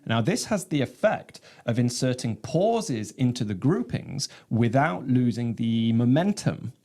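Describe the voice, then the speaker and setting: A man teaching about his own snare drum composition, explaining rhythms in a measured way and counting them aloud. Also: mid-range voice, sing-song, mellow, slight background noise. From England.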